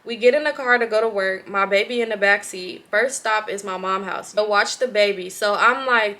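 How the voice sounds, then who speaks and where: A young woman with a Southern Californian accent, a vlogger reading a viewer's story aloud with lots of profanity and animated reactions. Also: medium pitch, moderate pace, few pauses.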